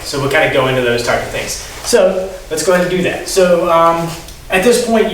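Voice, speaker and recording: Brief: male karate instructor, fairly high voice, recorded from afar in a very echoey room. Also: slight background noise. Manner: instructive, calls Japanese counts rising sharply in pitch. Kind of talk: teaching a class, explaining and calling counts. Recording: very echoey room, distant mic.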